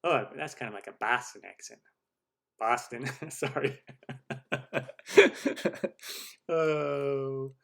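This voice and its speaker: A man in his forties hosts a live question-and-answer stream, talking loosely and jokingly about himself. He rambles with lots of ums and restarts, in an ordinary mid-pitched voice. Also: drawn-out words, vocal fry, pauses often, fairly bright tone. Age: 40s. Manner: chatty and rambling, self-deprecating jokes, many fillers. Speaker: cooking show host.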